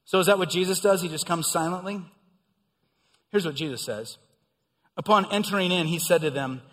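A middle-aged male pastor delivers a sermon in a slightly raised voice. He swells to emphatic peaks and sinks back to hushed, low lines. A long reverb trails his words through the hall. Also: normal speed. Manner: preaching with swells of emphasis and quiet drops.

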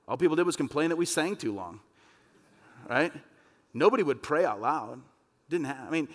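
A man preaching a sermon as pastor, impassioned and emphatic, rising to forceful peaks. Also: fairly high pitch. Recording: long reverb of a church hall.

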